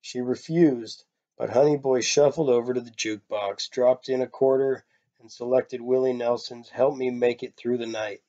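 A man reading a short story aloud, in a plain, low-key way, giving the characters' lines some life. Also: fairly even intonation, normal speed, dark tone, muffled recording. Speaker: reader.

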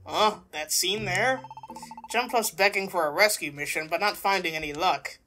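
A woman voicing a bystander creature in a game who explains a scene in a low, sympathetic tone. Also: normal speed, pushed and bright, faint music behind. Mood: confiding.

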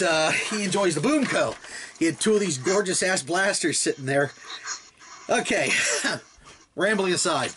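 Excitable high-voiced man rambling. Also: a little hiss or hum. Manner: rambling and excitable, laughs often. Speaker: toy blaster hobbyist unboxing a gift. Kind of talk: casual unboxing chat.

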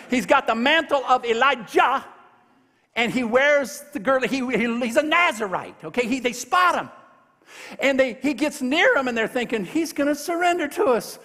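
A high-voiced man preaching with a lively, swooping delivery. He tells the story in a folksy, joking way, slipping into the characters' voices. His voice rings with the long reverb of a large hall. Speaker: pastor. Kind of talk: sermon. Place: large church sanctuary.

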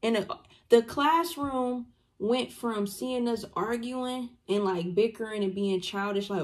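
A woman's voice: mid-range voice, unhurried. A young adult woman vlogging a storytime in a casual, slangy way, acting out what people said to her. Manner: animated, slangy storytelling that acts out what others said. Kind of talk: storytime vlog.

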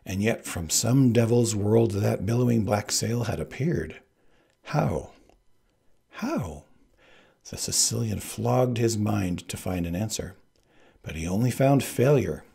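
A man reading a novel aloud in an expressive, animated way. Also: fairly low pitch, measured pace, creaky, breathy edge. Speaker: reader. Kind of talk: audiobook narration.

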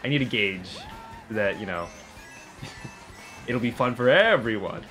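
A man streaming a racing game with a friend, excitable, yelling and swearing at the game and meowing for fun. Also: lowish voice, a little slow, soft background music. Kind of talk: casual gaming stream chat.

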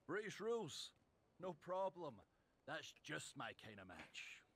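A friendly, matey wrestler from a video game, easygoing and keen to spar. His pitch rises and falls a lot as he speaks. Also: big pitch swings, slow, a bit bright, breathy edge, no room sound, exaggerated voice. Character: friendly male wrestler offering a sparring match.

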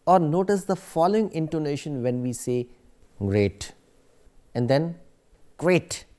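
Guy lecturing a course, warm mellow voice, steady explaining w/ some uhs. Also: on the high side, a little fast. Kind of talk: recorded academic lecture.

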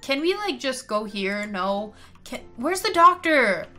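Girl doing an annoyed pregnant vampire sim, high bright voice, begging and fed up. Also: big pitch swings, a little slow, soft background music, heavily acted. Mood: exasperated. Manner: exasperated pleading. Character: pregnant young vampire woman, impatient.

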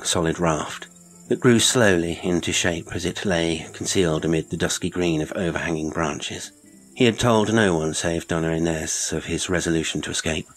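Male horror audiobook narrator, deep and husky, measured and theatrical. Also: poor audio.

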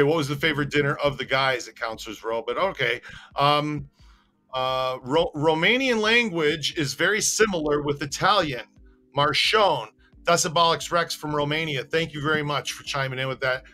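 A man's voice: on the high side, moderate pace, pushed and bright, soft background music. A man hosting a live stream, chatting and reading viewer comments aloud, often stumbling over names. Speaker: host.

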